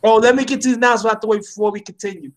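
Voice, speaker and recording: A man with a high voice hosting a casual livestream. He sounds hyped and talks himself up as he runs the stream. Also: steady tone, racing. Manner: hyped, self-promoting. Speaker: livestream host.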